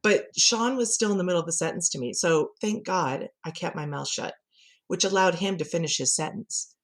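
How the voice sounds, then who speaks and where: A middle-aged woman, a communication coach, chatting as a podcast guest and telling animated stories with frequent laughter. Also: lowish voice, a little fast. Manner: lively storyteller who laughs often and acts out quotes. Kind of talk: conversational podcast interview.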